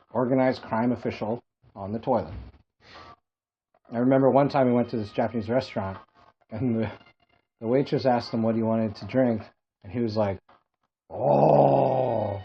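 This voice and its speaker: A man's voice: medium pitch, steady tone, normal speed, pauses often, slightly rough. Rambling man from Hawaii, lo-fi podcast. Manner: rambling storyteller, laughs at his own jokes. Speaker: podcast co-host. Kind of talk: casual comedic chat. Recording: dull lo-fi podcast audio with faint music.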